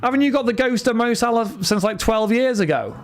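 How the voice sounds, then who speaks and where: A man's voice: very high-pitched, animated, brisk, soft background music. A young man chatting casually on a live stream, reading out viewer messages and talking football with frequent restarts. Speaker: livestream host running card breaks. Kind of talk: casual livestream chat.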